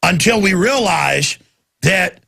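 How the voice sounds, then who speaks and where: A man's voice: sits high, lively intonation, takes it slowly, vocal fry, pushed and bright, slightly rough. A man hosting a talk radio show, ranting emphatically in a heated monologue and taking callers. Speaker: radio host.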